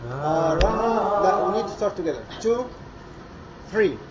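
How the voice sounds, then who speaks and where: Over the noise of a crowd, a choir conductor gives rehearsal instructions, switching between English and Arabic and singing lines to show what he wants. He has a high voice with lively intonation and speaks a little slowly, captured on a lo-fi recording.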